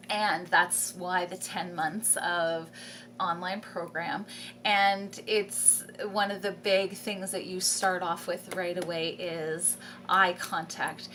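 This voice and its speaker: A woman's voice: mid-range voice, a bit bright, a little hiss or hum. A homeschooling mother talking casually to camera, enthusiastic, repeating words for emphasis and laughing often mid-sentence. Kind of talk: casual vlog talk to camera.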